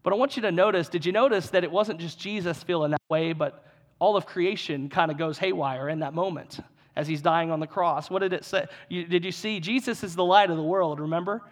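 A man's voice: high-pitched, a little fast. A man preaching a sermon in an earnest, conversational way, repeating phrases for emphasis. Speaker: pastor.

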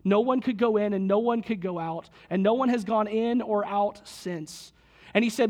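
A man preaching a lively sermon in a church, slightly husky today, retelling a movie scene with quoted voices before leading a prayer. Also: high-pitched, normal speed. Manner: lively storytelling, quotes characters, prays aloud. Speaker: pastor.

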